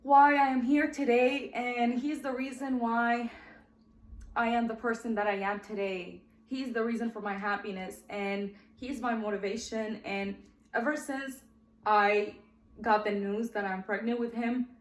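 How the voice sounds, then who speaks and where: A woman's voice: on the high side, fairly even intonation, unhurried. Chatty young woman podcaster, roomy echo. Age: 20s. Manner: chatty and heartfelt, often addresses "guys". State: emotional, close to tears. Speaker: podcast host. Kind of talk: personal story podcast.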